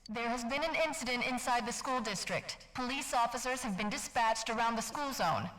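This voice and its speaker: A woman's voice: on the high side, brisk, a bit bright, lightly acted, rough recording. A woman voicing a school intercom announcer in a video game, speaking formally. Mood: urgent. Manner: formal, level delivery.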